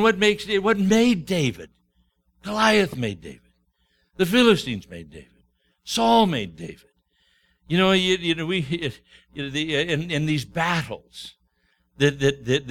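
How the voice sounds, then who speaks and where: A man preaching a sermon, retelling stories with acted-out dialogue in an animated way. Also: sits high. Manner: animated storytelling, acts out dialogue.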